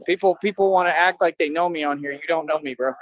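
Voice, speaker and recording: Livestreaming to his viewers, a man with a fairly high voice talks fast in a boastful, confrontational, rambling monologue full of slangy street talk. The sound is lo-fi with no echo.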